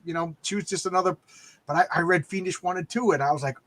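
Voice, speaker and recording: A man chatting casually about comics and YouTube, excitable, with lots of stammering restarts. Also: high-pitched, fast. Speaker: comic book creator and YouTuber. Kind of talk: casual chat.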